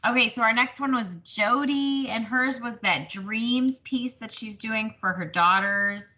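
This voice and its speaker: Woman, bright clear tone, chatty co-host, slightly dull lo-fi sound. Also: fairly high pitch, a little slow. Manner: chatty, self-deprecating, laughs often. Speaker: podcast co-host. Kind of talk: casual chat.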